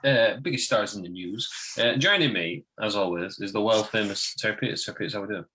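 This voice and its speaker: A man hosting a loose, jokey chat show, his voice bright and forward. He laughs easily and ribs his co-hosts as they talk. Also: on the low side, a little hiss or hum, poor audio. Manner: laughs often, quick and teasing. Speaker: podcast host. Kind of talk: casual chat.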